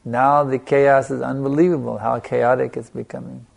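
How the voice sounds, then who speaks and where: A man giving a sermon as a spiritual teacher, stressing points by repetition and letting a soft "you see" trail off after them. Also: medium pitch, little pitch movement, moderate pace, vocal fry. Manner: emphatic, repeating phrases for stress.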